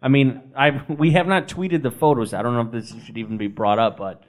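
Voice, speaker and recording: A man's voice: mid-range voice, fairly even intonation, fairly quick. A man co-hosting a sports podcast, telling stories in a rambling way with dry humor and lots of fillers. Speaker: podcast co-host. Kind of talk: casual sports podcast chat.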